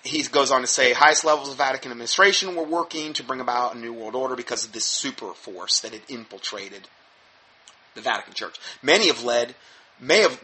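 A man's voice: mid-range voice, pushed and bright. A man reading aloud from an article and breaking in with sarcastic, mocking commentary, often repeating and restarting words.

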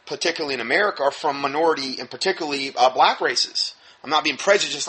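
A man with a bright, somewhat high voice reads news items aloud, then breaks off into emphatic preaching commentary. He drops sarcastic asides and often restarts mid-sentence. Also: rough recording. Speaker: religious teacher.

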